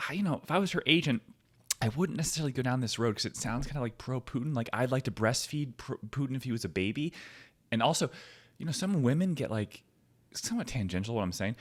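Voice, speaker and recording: Podcast host, male, sarcastic profane ranter, very lively pitch swings. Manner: profane, sarcastic, swings between low mutter and loud outbursts. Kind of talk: ranting commentary.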